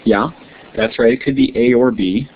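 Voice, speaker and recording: A man teaches an online science class in a friendly, encouraging way, often checking in with his students. His ordinary-pitched voice moves at normal speed over a tinny, phone-like lo-fi line with a faint hiss.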